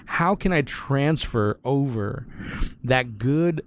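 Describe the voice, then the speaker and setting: A man talking in a casual podcast conversation, thoughtful and measured, pausing to restart his phrases. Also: medium pitch, expressive.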